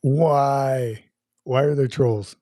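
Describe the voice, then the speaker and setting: Mellow-voiced man hosting a livestream. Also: mid-range voice, fairly even intonation, very slow, dry recording, clean studio sound. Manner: greets chat viewers by name, upbeat and folksy. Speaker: livestream host. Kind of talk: casual livestream chat.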